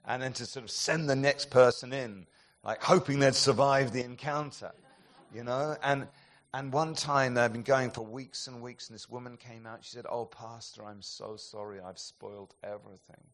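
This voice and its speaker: A man delivering an impassioned sermon at a middle pitch. He moves from booming emphatic lines to near-whispered, drawn-out phrases as he tells his stories. He chuckles softly at his own anecdotes. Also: fairly even intonation. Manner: impassioned storytelling, swinging between loud emphatic peaks and hushed, slow passages. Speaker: preacher.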